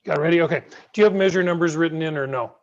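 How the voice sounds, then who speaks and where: A middle-aged man teaching piano in an online masterclass, gentle, patient and encouraging, heard over a video call. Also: on the high side, rapid-fire. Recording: muffled video call audio.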